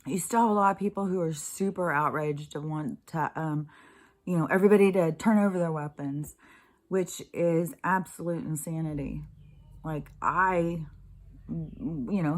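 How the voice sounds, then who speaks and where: Woman, casual vlog monologue, lowish voice, blunt and emphatic, swears a lot. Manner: blunt, emphatic, swears freely, acts out others' lines in a mocking voice. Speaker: vlogger.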